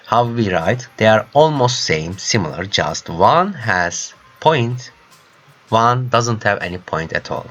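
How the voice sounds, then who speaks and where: A man's voice: lowish voice, a bit bright. A man teaching a language lesson in English, a native Turkish speaker, patiently repeating each word for practice. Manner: non-native English grammar.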